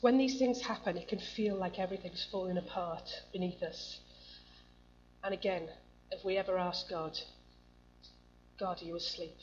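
A woman's voice: mid-range voice, fairly even intonation, moderate pace, darkish tone. Woman preaching on a muffled recording. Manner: conversational, asks the congregation questions. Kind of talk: sermon. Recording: muffled lo-fi recording with faint hum.

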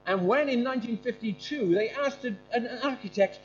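Male preacher, high and animated delivery, informal talk with questions for the congregation; muffled recording. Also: a little fast, few pauses, faint music behind. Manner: animated, quizzing listeners. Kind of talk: informal sermon with questions to the audience. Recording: dull lo-fi with faint hum.

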